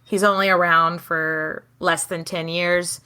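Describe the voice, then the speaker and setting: This is a woman co-hosting a podcast in loose, casual chat. Her voice is lower than most but bright and forward. She tells the story with animated energy and swears without a second thought. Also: slow pace, clean tone. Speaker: podcast co-host.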